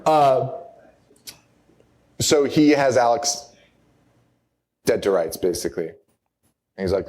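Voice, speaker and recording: Man, podcast co-host, live show, wry, rambling, animated pitch. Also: slow, long pauses. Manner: wry, rambling, laughs through jokes. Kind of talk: live podcast movie recap.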